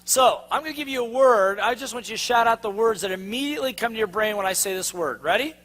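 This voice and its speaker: A man's voice: high voice, fast talker, fairly bright tone. A man giving a sales seminar to a live audience, quizzing them with fill-in-the-blank questions. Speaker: sales trainer. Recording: long hall reverb.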